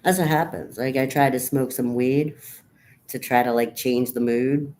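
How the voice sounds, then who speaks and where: A middle-aged woman venting in a raw, profane monologue to camera, swinging from quiet brooding to loud outbursts. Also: rumbling low, fairly even intonation, normal speed. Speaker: vlogger.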